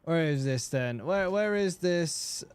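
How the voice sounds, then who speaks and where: A man's voice: on the high side, expressive, takes it slowly, clean tone, no room sound. A man streaming a game and chatting casually with viewers, swearing freely and often repeating words. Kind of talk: casual live-stream chat.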